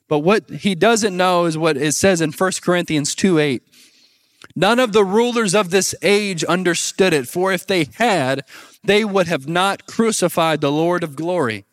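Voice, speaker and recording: A man's voice: high voice, unhurried, no room sound, clean studio sound. A young man preaching a sermon and asking the crowd to repeat words back. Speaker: pastor.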